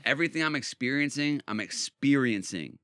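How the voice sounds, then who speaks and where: A man's voice: medium pitch, lively intonation, a little fast, a bit bright, clear, resonant tone, no room sound, clean studio sound. A man hosting a podcast, telling a personal story in an emphatic, intense way and often checking in with "right?". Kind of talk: casual podcast conversation. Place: podcast studio.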